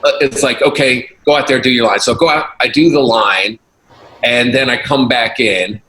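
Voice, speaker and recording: A man's voice: medium pitch, moderate pace. A man, a comedian, telling a story in casual chat and acting out the voices of the people in it. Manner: animated, acts out quoted voices, laughs often. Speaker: comedian guest. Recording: roomy echo, faint noise.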